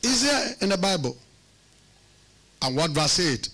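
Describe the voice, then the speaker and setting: A man's voice: high voice, very animated, a little slow, vocal fry, pushed and bright, breathy edge. A man preaching a sermon as pastor, emphatic and teasing, using call-and-response questions and repeating words for effect.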